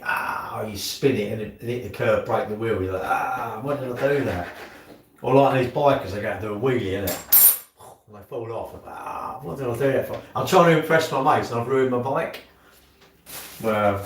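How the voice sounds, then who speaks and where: A man live-streaming from his home kitchen, rambling casually and muttering to himself as he does chores. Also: lowish voice. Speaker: livestreamer. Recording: echoey room, mic set far off.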